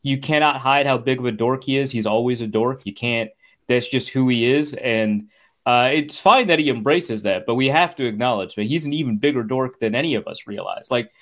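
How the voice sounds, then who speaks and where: A man's voice: medium pitch, fairly quick, a bit bright. Male podcast co-host, mid-range voice, loose fan chat with lots of ums and restarts. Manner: rambling, many fillers and restarts, acts out quotes. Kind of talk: casual sports chat.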